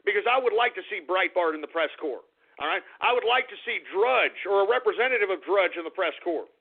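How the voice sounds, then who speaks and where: A male talk radio host rants angrily, swearing often. His voice is very high with a gravelly rasp. The audio is tinny, like a phone line. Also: animated, brisk. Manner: angry, profane, ranting.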